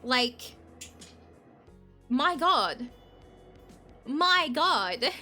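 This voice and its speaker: A young woman streamer gushes on and on, her talk crowded with fillers and quick asides. Her voice sits a little high and rings with a sharp, bright edge. She chats casually, jumping from thought to thought. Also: very animated, faint music behind. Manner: gushing, rambling, full of "like" fillers. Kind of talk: casual game commentary and reading aloud.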